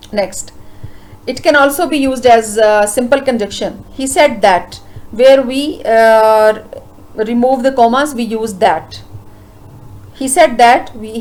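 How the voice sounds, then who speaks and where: A woman's voice: on the high side, a little mellow, poor audio. A woman teaching a grammar lesson, explaining patiently with many fillers and rhetorical questions. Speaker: English teacher.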